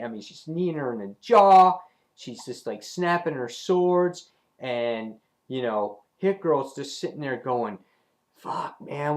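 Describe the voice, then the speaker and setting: A man casually reviewing a comic book, retelling the story with excitement and acting out the characters' lines in a raised voice. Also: medium pitch.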